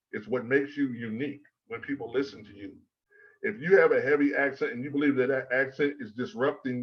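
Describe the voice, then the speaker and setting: Measured man coaching presenters, lo-fi. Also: mid-range voice. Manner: measured, emphatic, repeats key words in threes. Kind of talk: instructional talk to a speakers' club. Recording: slightly dull, lo-fi sound.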